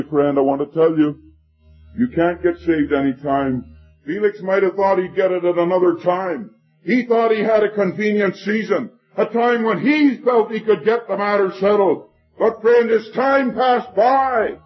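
Fervent husky preacher man. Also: sits high, dull audio. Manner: fervent, pleading, rises to shouts. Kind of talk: evangelistic sermon.

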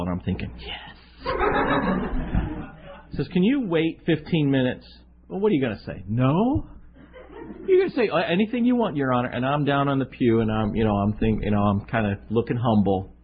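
A man preaching a sermon as an animated, self-mocking storyteller who acts out the voices in his story. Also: medium pitch, highs cut off, slight background noise.

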